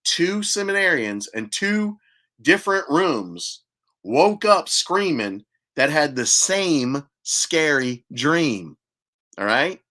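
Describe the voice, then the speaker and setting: A man's voice: a little high, sing-song, takes it slowly, pushed and bright. An older man hosting a podcast, telling a long, chatty personal story and laughing at his own tales. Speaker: podcast host.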